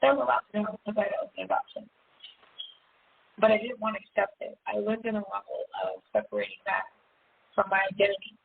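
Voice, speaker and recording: A woman in a candid, chatty personal monologue, laughing often and leaping up into high tones as she makes her points. Her voice sits at a middle pitch for a woman. The sound is thin and phone-like, with a faint hiss underneath. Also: expressive, fast, vocal fry. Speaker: self-help seminar host.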